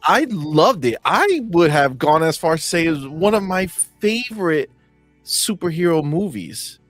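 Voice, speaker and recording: A man's voice: a little high, sing-song, a little slow, faint music behind. A man as a podcast guest, talking earnestly and with enthusiasm. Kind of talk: casual chat.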